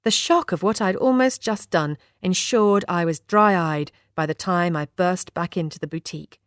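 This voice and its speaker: A woman narrates a novel in the first person with lively, expressive storytelling. Her voice sits a little low, and the recording is dry and close with no room sound. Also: moderate pace, no room sound. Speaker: audiobook narrator.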